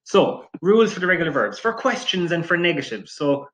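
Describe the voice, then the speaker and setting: A young man teaching a language lesson to camera, often checking in with a quick "okay?". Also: on the high side, sing-song, fairly bright tone.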